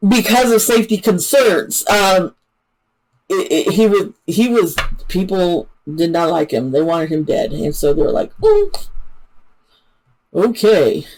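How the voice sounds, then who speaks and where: A woman's voice: medium pitch, rough recording. Chatty, emotional woman talking true crime. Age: adult parent. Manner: chatty, emotional, with frequent fillers and restarts. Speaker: channel host. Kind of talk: casual true-crime commentary.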